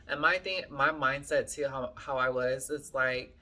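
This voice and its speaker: A woman's voice: a bass voice, a little slow, pushed and bright. A woman telling a story to her viewers in a casual vlog, chatty and full of fillers, often calling them y'all. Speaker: vlogger.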